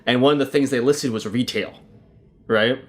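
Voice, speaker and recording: A man's voice: mid-range voice, normal speed. A young man hosting a podcast, spinning joking stories in profane, casual talk. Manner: storytelling, profane, laughing often. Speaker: podcast host. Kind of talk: casual chat.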